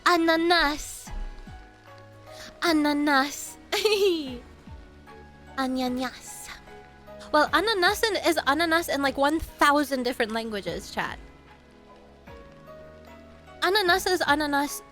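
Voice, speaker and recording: A young woman with a high, light voice chats on a live stream, rambling from one tangent to the next and laughing often. She stops mid-story to greet viewers by name, all over soft background music. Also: expressive, normal speed, pauses often.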